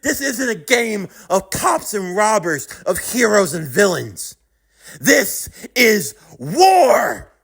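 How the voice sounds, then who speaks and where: A man's voice: high-pitched, very animated, takes it slowly, vocal fry, fairly bright tone, husky, pitched above the performer's own voice, full character voice. A man voicing a sadistic male curse villain in a fan-made audio drama, taunting in a mocking, sing-song way. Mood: menacing.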